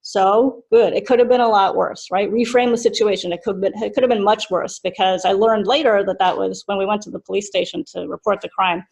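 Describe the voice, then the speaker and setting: Buddhist nun lady telling a story in class, laughs a lot, kinda gravelly. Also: mid-range voice, fairly even intonation, a little fast, few pauses, darkish tone, rough recording. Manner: chatty, laughs often while telling a story. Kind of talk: casual teaching with a personal story.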